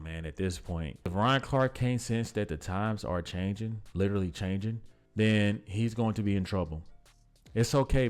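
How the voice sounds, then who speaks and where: A man's voice: fairly low pitch, a little mellow. A man giving blunt, exasperated sports commentary in a casual vlog, often calling the listener "bro".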